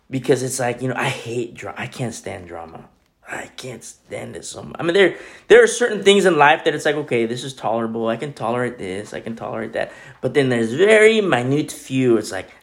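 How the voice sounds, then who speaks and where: A joking, chatty male pastor preaching a relaxed sermon in a small home church room. His voice sits a little high for a man, and he keeps restarting his sentences as he goes. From Peru. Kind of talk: casual sermon.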